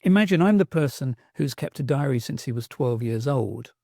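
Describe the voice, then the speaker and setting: Warm, dry-sounding London man. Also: mid-range voice, lively intonation, normal speed, vocal fry, no echo. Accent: South London. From England. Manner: enthusiastic, reflective storyteller with restarts. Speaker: guest, sound artist. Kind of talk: conversational podcast interview.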